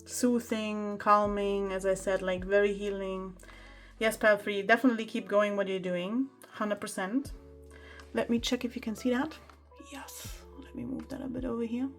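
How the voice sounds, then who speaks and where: A woman's voice: mid-range voice, flat delivery, moderate pace, soft background music. A woman giving a pick-a-card tarot reading, chatting and exclaiming over the cards as she reads them aloud. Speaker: tarot reader.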